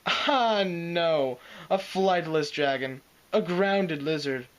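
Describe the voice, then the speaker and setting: A man's voice: fairly high pitch, slow, low-quality recording. A man voicing a huge, scornful male green dragon who mocks and snarls. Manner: mocking, snarling, growling.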